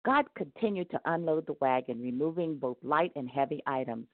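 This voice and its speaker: A woman narrating a devotional story aloud in an expressive read-aloud manner. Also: low-pitched, moderate pace, no echo. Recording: tinny phone-like dry sound.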